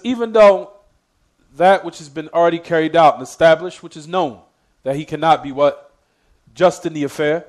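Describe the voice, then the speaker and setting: Quizzing students with "what?" prompts and going over key points again, an Islamic teacher leads a religious lesson. His voice is fairly high with a darkish tone, and he reads Arabic quotations rapidly.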